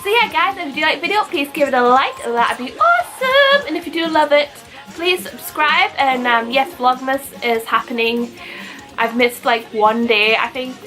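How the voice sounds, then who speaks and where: A young woman chatters through a casual storytime vlog, giggly and rambling, her voice bright and sharp and pitched a little high. Faint music plays behind her. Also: animated, normal speed, poor audio. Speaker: vlogger.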